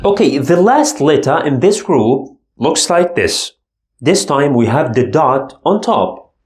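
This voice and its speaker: A man teaching the alphabet in a language lesson, slowly demonstrating throaty letter sounds. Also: fairly high pitch, darkish tone, roomy sound. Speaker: Arabic teacher.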